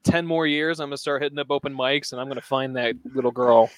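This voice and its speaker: A man's voice: mid-range voice, steady tone, fast talker, a little hiss or hum, poor audio. A man in casual chat, slangy and laid back. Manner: slangy, says bro and dude.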